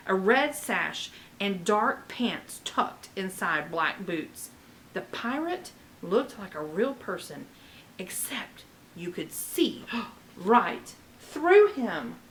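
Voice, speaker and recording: A woman reading a children's chapter book aloud with expressive delivery and chatty asides. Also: mid-range voice, slight background noise, poor audio. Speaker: reader.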